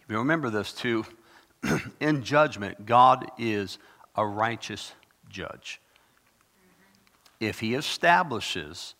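A man preaching a sermon in a dramatic, conversational way, with sudden bursts of loud emphasis. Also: lowish voice, expressive, takes it slowly, long pauses. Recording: long reverb of a large hall.

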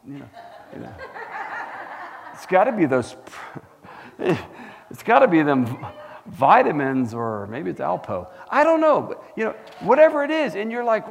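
A man preaching a sermon as pastor, animated and asking the congregation questions. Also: sits high, unhurried, creaky, long pauses, big-room sound, slight background noise. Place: church.

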